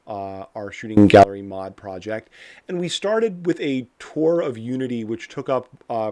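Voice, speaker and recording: A man's voice: medium pitch, a little mellow. A man in his thirties with a New Jersey accent, co-hosting a coding livestream in a wry, rambling, self-deprecating way. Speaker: co-host. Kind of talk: livestream chat and teaching.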